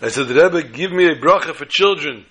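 A man teaching a Torah class, telling a story with acted-out quotes and Hebrew terms in a husky voice. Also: on the high side, animated, fairly quick, a bit bright.

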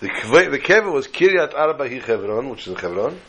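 A man teaching a Torah class, telling a story and drawing slow, emphatic lessons from the text. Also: medium pitch, sing-song, sharp tone, slightly rough, poor audio. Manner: storytelling, acting out dialogue with slow emphatic phrases.

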